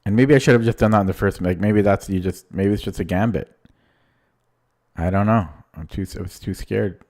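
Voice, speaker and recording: A man's voice: lowish voice, a little fast, a little mellow. A man streaming online chess, thinking aloud in short, anxious fragments as he weighs each move. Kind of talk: live commentary while playing online chess.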